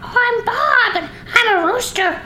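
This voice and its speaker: A performer voicing Bob, a young rooster who is eager and earnest, in a soft, hesitant storybook voice. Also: very high-pitched, lively intonation, slow pace, slight background noise, heavily acted. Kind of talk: storybook reading. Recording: echoey room.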